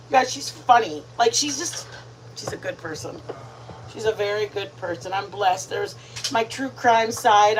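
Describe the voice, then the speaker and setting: A woman's voice: medium pitch, slight background noise, low-quality recording. A woman hosting a live cooking stream from her home kitchen, chatting in a rambling way and talking to viewers as "you guys". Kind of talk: casual live-stream chat while cooking.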